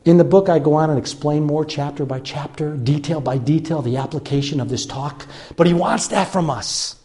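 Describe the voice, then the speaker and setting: An older man from Chicago, a pastor telling a self-mocking personal story in an animated storytelling sermon. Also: fairly high pitch, normal speed, slightly rough. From Chicago, USA.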